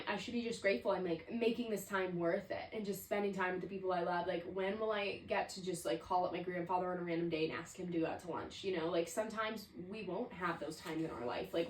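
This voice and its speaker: A fairly low-pitched woman in her twenties rambles thoughtfully through a casual solo podcast, saying "like" constantly. The room is echoey, the mic is distant, and the recording is rough.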